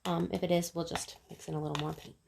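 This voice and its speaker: A woman's voice: lowish voice, flat delivery, quick pace, creaky, a little mellow, a little hiss or hum. Woman hosting a DIY craft video. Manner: friendly, step-by-step instructional. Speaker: DIY channel host. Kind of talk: casual how-to narration.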